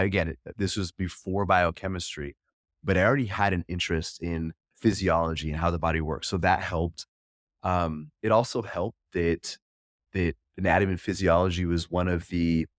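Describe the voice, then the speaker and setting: A man's voice: low-pitched, no room sound, clean studio sound. A man in his forties, a podcast guest and coach, telling a personal story in an earnest, candid way with frequent restarts.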